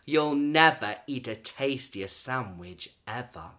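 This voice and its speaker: A woman voicing a sly, mischievous young boy in a lower, smirking tone. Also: animated, slow pace, a bit bright, heavily acted.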